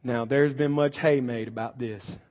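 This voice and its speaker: A man preaching a sermon as pastor, building to shouted emphasis. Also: medium pitch, fairly even intonation, moderate pace. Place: church sanctuary. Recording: long church reverb, dull lo-fi sound.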